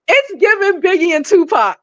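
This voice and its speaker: A high-voiced woman in her forties from Brooklyn, talking loud, fast and animated with plenty of laughter and cursing. The sound is close and dry. She chats from her home kitchen. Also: no echo, muffled recording. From Brooklyn, New York. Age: 40s. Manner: animated, laughing, swearing freely. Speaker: guest panelist. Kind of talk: casual gossip chat.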